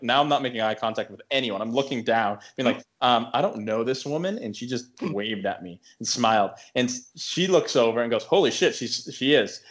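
A man's voice: medium pitch, a bit bright. A young man co-hosting a podcast, telling a story in a rambling casual way, full of filler words and restarts. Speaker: podcast co-host.

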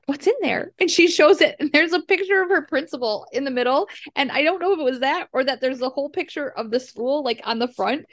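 A middle-aged woman, a mother, telling a family story in casual chat over a video call, animated and laughing often. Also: sits high, fast talker, few pauses. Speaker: podcast co-host, mother.

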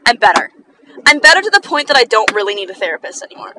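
A woman's voice: a little high, big pitch swings, fast talker, background noise. A young woman telling personal stories in a casual chat while driving in a car, filling her talk with "like" and laughing often. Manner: chatty, fillers of "like", frequent laughter. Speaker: vlogger.

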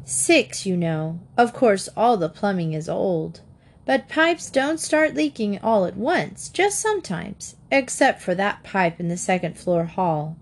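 A woman voicing a spirited, eager young girl who chatters brightly. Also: a little high, expressive, measured pace, voice pushed up. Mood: chattering.

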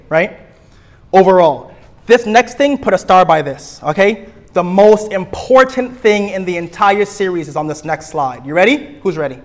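A young man teaches a church group, his voice sitting high for a man. He is lively and playful, acting out small scenes and hammering his main points by saying them twice. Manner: lively, playful, acts out little scenes and repeats key points.

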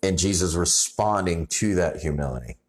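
A man's voice: low-pitched, lively intonation. A man preaching a sermon in a conversational way, often restarting his sentences. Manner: conversational, halting restarts, rising intensity when reading scripture. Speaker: pastor.

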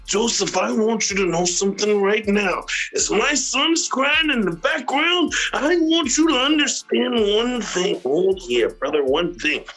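A raspy howling wrestling legend. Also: male voice, animated, exaggerated voice. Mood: taunting. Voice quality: raspy, growling. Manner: shouty, drawn-out promo delivery with big pitch swings. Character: gravel-voiced male wrestling legend cutting a promo.

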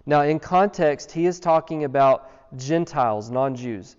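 A pastor with a fairly high, mellow, smooth voice preaches at a measured pace, earnest and emphatic, firing one rhetorical question after another at his listeners. The sound is dull, with a long hall reverb.

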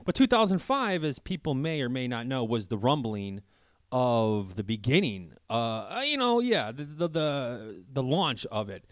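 A man hosts a podcast in a small dedicated room at his workplace, talking loosely and swearing freely. He rambles through stories, acting out both sides of each exchange in an ordinary middle-pitched voice. The sound is close and dry. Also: very animated, moderate pace, no room sound. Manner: rambling storyteller who acts out both sides of conversations; loose and profane, with many fillers. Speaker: podcast host. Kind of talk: casual podcast chat.

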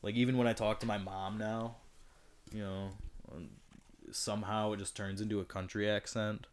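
A young man co-hosting a podcast in casual chat, joking around and quick to slip into silly voices. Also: lowish voice, flat delivery, a little hiss or hum. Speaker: podcast co-host.

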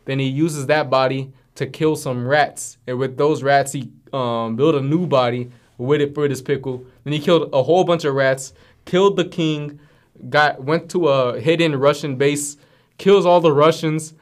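A man's voice: a little high, fairly even intonation, normal speed. A man co-hosting a casual podcast, animatedly retelling cartoon episodes with plenty of slang and fillers. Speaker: podcast co-host.

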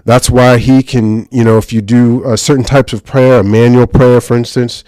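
A man preaching informally about deliverance prayer. He gets excited, speaks in quick bursts and keeps checking in with "right?". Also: medium pitch, no echo. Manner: excitable, rapid bursts, frequent "right?" tag questions. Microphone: handheld or stand mic, speaking to a live group.

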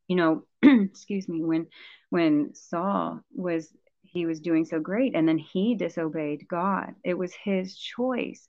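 Woman co-host in a Bible chat, lowish voice, thinks aloud and chuckles, muffled dry recording. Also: no echo. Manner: thinks aloud with many fillers and restarts, chuckles. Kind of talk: casual Bible discussion. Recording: dull, dry lo-fi sound.

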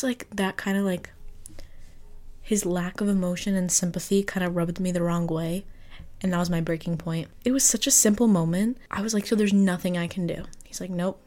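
A young woman telling a personal story in a casual, expressive podcast monologue, full of fillers and the odd swear word. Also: fairly low pitch. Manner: chatty, expressive, lots of fillers and mild swearing. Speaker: podcast host.

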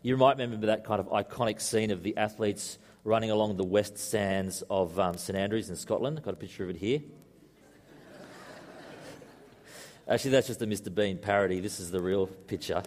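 A man's voice: fairly low pitch, steady tone, moderate pace, a little mellow. A man preaching a sermon to a congregation in a conversational way, mixing in joking asides. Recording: echoey hall reverb.

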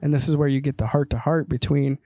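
A man's voice: mid-range voice, flat delivery, quick pace, mellow, no echo. A man who laughs often and chimes in eagerly, co-hosting a casual movie chat. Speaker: podcast co-host.

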